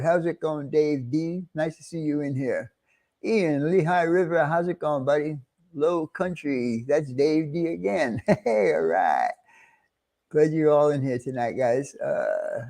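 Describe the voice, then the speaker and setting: A middle-aged man with a New York accent chats casually on a livestream, greeting viewers one at a time and chuckling now and then. His voice sits a little high but sounds mellow and warm. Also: gravelly. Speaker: livestream host.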